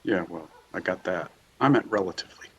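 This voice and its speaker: A man's voice: sits low, animated, fairly quick, fairly bright tone, rough recording. A man playing a tabletop game, asking blunt, direct questions. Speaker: player.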